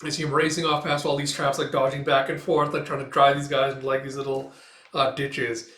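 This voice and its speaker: A man's voice: mid-range voice, flat delivery, fairly quick, sharp tone. Casual man recapping a manga. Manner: loose narration with many "like" and "uh" fillers. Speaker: manga reader and reviewer. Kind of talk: casual recap read-aloud. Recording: roomy echo.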